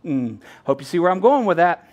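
A male pastor in middle age delivers a sermon in an unusually high voice. His pitch rises and falls with great animation, and he often breaks into laughter while acting out the people in his story. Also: sing-song, brisk, dull audio.

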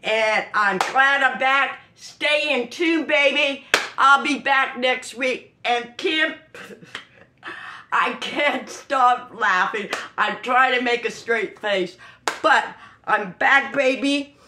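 A woman hosting her own cooking video, showing a home-made dish in a casual, exuberant way with frequent high whoops. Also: slow pace, reverberant, noisy background. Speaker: cooking channel host.

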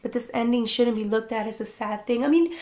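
Higher-voiced woman giving a tarot reading. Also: a little fast. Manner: animated, playful and profane, often laughing. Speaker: tarot reader. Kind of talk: casual tarot reading to viewers.

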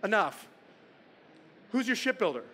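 A man's voice: high voice, big pitch swings, measured pace, bright, forceful tone, husky, heavily acted. A man telling a story on stage voices a stern, demanding old king with a big beard, speaking in an imperious, questioning way.

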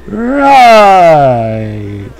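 A man's voice: on the high side, huge pitch swings, very slow, rough recording. A man giving casual, joking commentary while playing a video game, often laughing at himself. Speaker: let's play host.

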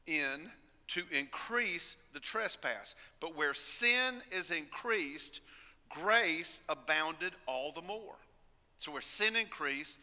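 A man's voice: a little high, sharp tone, big-room sound. A man preaching a sermon, emphatic and calling on the congregation for responses. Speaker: pastor. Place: church sanctuary.

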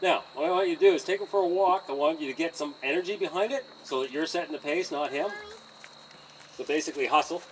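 A man training a horse outdoors by a trailer, coaching a student in an encouraging, animated way and often laughing. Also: a little high, fast, faint music behind. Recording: distant outdoor mic with insect noise.

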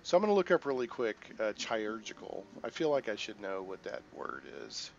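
A man's voice: mid-range voice, wildly swooping pitch, fast, creaky, highs cut off, slight background noise. A man casually commenting on a video game as host, thinking aloud and reading on-screen text. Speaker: let's play host.

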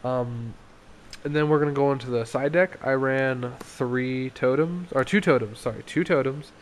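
A young man talking casually through his card game deck, excitable, laughing often and acting out his opponents. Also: medium pitch, moderate pace, slight background noise.

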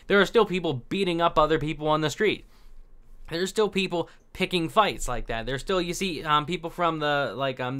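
A young man with a bright, crisp voice pitched a little above most men. He talks through political articles in a loose, sarcastic way, with plenty of filler words along the way. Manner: chatty and sarcastic, with filler words and frequent laughs. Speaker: political commentary host. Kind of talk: casual commentary reading and reacting to articles.

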